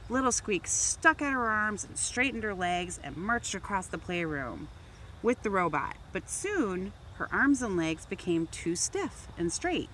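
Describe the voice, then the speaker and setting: A woman volunteer reading a children's picture book aloud, gently narrating and lifting her voice for the toys. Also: medium pitch, very animated, measured pace, slight background noise. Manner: gentle storytelling, raising voice for toy characters. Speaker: volunteer reader.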